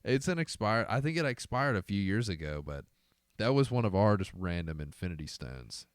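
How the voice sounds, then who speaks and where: A young man with a drawl co-hosts a podcast and rambles through stories with plenty of energy. His voice sits very low but swoops up and down a lot. The recording is dry and close, with no room echo. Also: normal speed, clean tone. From Alabama, US. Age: young adult. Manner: rambling, animated storyteller. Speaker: podcast co-host. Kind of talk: casual chat.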